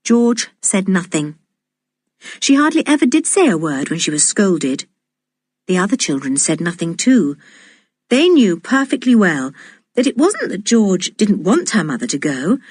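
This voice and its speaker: A woman narrating a children's storybook aloud in a lively, expressive manner. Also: mid-range voice, moderate pace, breathy edge, dry recording, clean studio sound. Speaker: audiobook narrator.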